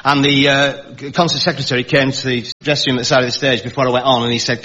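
A man's voice: medium pitch, level tone, fast talker, sharp tone, dull audio. A male comedian telling a rambling anecdote on a comedy panel show.

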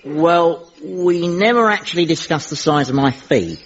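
An actor playing a greedy mercenary sergeant who lies quickly and stammers when cornered. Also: male voice, fairly high pitch, lively intonation, breathy edge, lo-fi sound, full character voice. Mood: sly. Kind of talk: sitcom acting.

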